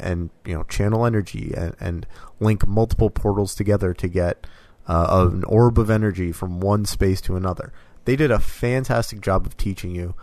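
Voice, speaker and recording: A man co-hosting a casual games podcast, explaining things in a measured way. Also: low-pitched, no echo. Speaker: podcast co-host. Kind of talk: casual chat about games.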